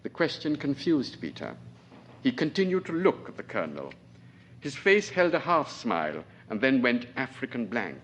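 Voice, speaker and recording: A novelist in his forties from Trinidad, reading his own fiction aloud at a lecture in a measured, deliberate way. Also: mid-range voice, wildly swooping pitch, a bit bright, a little hiss or hum. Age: 40s.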